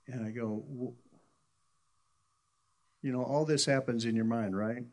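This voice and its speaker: A man's voice: medium pitch, steady tone, a little slow, darkish tone. A middle-aged man preaching a sermon in a conversational, folksy storytelling way, often restarting his sentences. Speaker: pastor.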